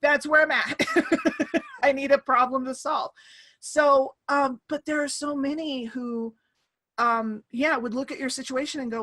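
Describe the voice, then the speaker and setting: Bright, animated high-voiced woman host. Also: a little slow. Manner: animated, laughing, acts out quoted voices. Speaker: podcast host. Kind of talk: casual chat. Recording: online call.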